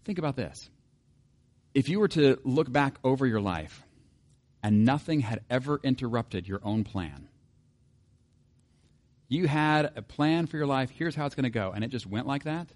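A male pastor preaches conversationally, frequently asking the congregation rhetorical questions and reading scripture aloud. His medium-pitched, darkish voice has lively intonation, a normal speed, and long pauses.

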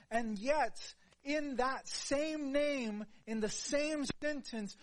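A man preaching a sermon in an earnest voice, dropping to a hush and then rising to louder, emphatic lines. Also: extremely high pitch. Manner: earnest, swings between soft hushed passages and louder emphatic ones.

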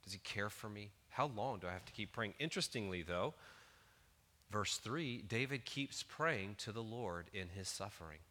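A man's voice: lowish voice, animated, normal speed, pushed and bright, long reverb tail. A man in his thirties preaching a sermon in an earnest, conversational way, building to emphatic peaks. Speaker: pastor.

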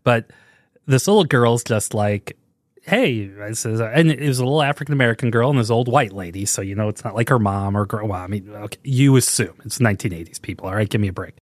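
A man's voice: lowish voice, quick pace, no echo. Sarcastic man ranting on a podcast, dry sound. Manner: sarcastic, laughing, exasperated rants. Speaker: podcast host. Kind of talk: casual comedic commentary.

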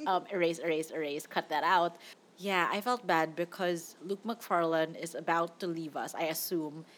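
A woman's voice: low-pitched, moderate pace, a bit bright. Chatty, opinionated woman podcast host. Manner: chatty, opinionated, laughs often. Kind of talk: casual chat reviewing movies.

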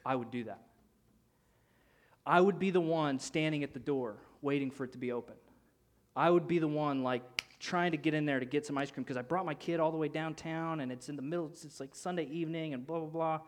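Male pastor in his thirties, mid-high voice, animated storyteller who voices the people in his story. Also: fairly quick. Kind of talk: sermon story.

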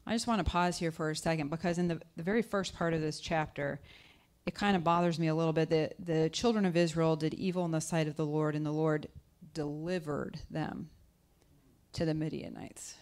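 Speaking a little fast in a slightly mellow voice, this female guest speaker keeps her intonation fairly even. Her sermon is conversational: she asks the audience questions and performs scripture voices, her pitch leaping as she does.

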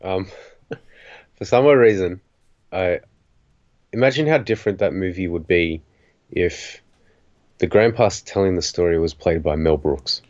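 A man's voice: deep voice, unhurried, long pauses, a little mellow, no echo. A man in casual podcast chat, giving short replies and dry jokes. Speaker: podcast co-host. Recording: dull, dry sound.

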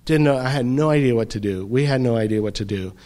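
A middle-aged man preaching a sermon, reflective and unhurried, often pausing and letting his voice drop softly. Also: medium pitch. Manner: slow, reflective preaching with pauses and soft drops. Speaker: pastor.

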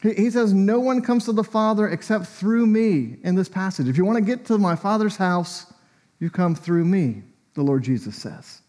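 A man's voice: sits high, lively intonation, normal speed, darkish tone. A man preaching a sermon in a church, talking in a conversational, reflective way with small asides and fillers.

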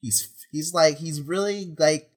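A man's voice: fairly high pitch, measured pace. Exasperated young man telling a story. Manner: rambling, exasperated, deadpan storytelling. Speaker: prison officer. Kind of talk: casual storytelling chat.

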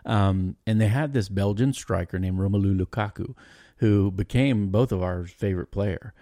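Guy with a low gravelly voice, rambling story on a podcast, dry close mic. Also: normal speed, dry recording. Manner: rambling and animated, frequent restarts. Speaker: podcast guest. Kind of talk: casual storytelling chat.

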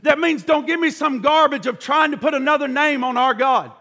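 A man preaching a sermon with fervor, shouting the high points and sinking to a quiet, hushed voice for the solemn passages. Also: fairly quick, vocal fry. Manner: impassioned, shouting at peaks, then dropping to a hushed low voice.

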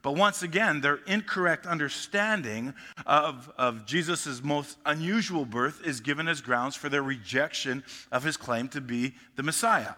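A male pastor preaching with a bright, forceful tone, slightly high for a man. He speaks emphatically and often restarts his sentences. A long hall reverb hangs after each phrase. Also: normal speed. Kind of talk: sermon.

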